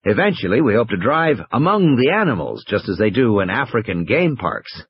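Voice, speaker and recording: A man's voice: on the low side, big pitch swings, normal speed, husky, highs cut off, heavily acted. A man voicing a cheerful, salesy male park publicist with a raised, upbeat tone. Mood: cheery salesy.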